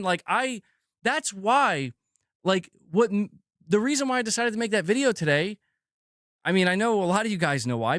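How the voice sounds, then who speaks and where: A young adult man streaming about games, venting in a profane, animated way and acting out mock quotes of his critics. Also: high-pitched, no echo, clean studio sound. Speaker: gaming streamer. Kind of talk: casual livestream rant.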